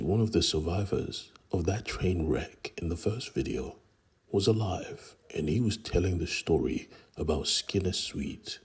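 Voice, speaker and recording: A man's voice: sits low, slightly rough. A man casually retelling a comic story, conversational, with asides to the listener. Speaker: comic recap narrator.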